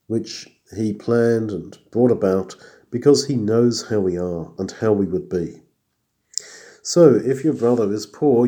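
Reading scripture aloud before earnestly explaining it, this man delivers an expository sermon with a fairly low voice and dark tone. He voices inner thoughts in chatty asides.

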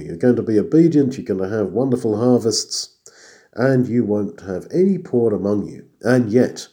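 A man's voice: lowish voice, mellow. A man preaching an expository sermon, reading scripture aloud and then explaining it earnestly. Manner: acts out inner thoughts in a chatty aside voice.

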